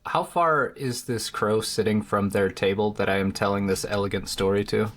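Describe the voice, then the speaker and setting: Low-voiced blunt tabletop player. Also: male voice, normal speed, a bit bright. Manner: blunt and direct, laughs often. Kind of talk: playing a character in a tabletop game.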